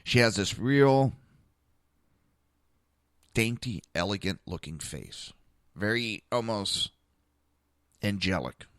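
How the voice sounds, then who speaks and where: This man, a podcast host, offers blunt, profane political commentary laced with rhetorical questions. His voice sits on the low side with lively intonation, slow and full of pauses, a bit bright. The studio-quality recording has no room sound.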